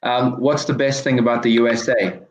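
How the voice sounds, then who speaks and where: A man interviewing a guest with quick casual questions, often starting with a hesitant filler. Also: medium pitch, flat delivery, dull audio, slight background noise. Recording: echoey room.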